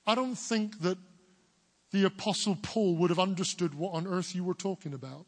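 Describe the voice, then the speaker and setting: Booming English pastor preaching. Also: male voice, normal speed, in a large hall. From England. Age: 40s. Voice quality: big booming voice. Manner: earnest, building to emphatic declarations. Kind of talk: sermon.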